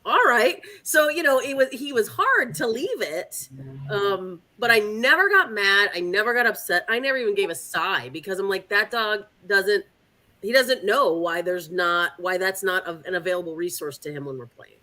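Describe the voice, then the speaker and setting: A woman's voice: medium pitch, normal speed. A woman dog trainer hosting a casual chat, telling stories animatedly and acting out her dog's thoughts. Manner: animated storyteller, acts out her dog's voice with giggles. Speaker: dog trainer and podcast host.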